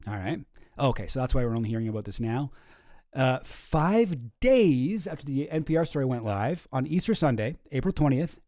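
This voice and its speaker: A man's voice: mid-range voice, sing-song, moderate pace, darkish tone, no room sound, studio quality. A man hosting a casual commentary stream, reading news posts aloud with sarcastic, swearing asides. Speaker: streamer host.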